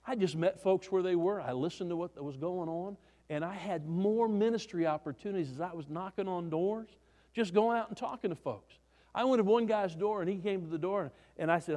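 Male preacher, high-pitched, folksy sermon storytelling with restarts, reverberant hall. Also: fairly quick, darkish tone.

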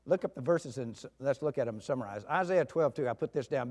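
A man preaching a sermon in a folksy storytelling way, with soft asides and loud outbursts. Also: medium pitch, animated, brisk, few pauses. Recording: long hall reverb.

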